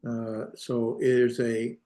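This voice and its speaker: A man's voice: medium pitch, monotone, takes it slowly, dark tone. A male teacher giving a classroom lecture on grammar, thinking aloud, hesitating and correcting himself as he goes. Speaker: Hebrew teacher.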